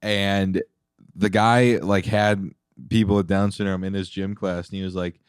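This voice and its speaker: A man's voice: low voice, level tone, unhurried, clean tone, dry recording, studio quality. A young man co-hosting a podcast, telling loose stories in a casual chat and laughing through his lines. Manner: loose storytelling, laughs through lines, says "dude" a lot. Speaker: podcast co-host.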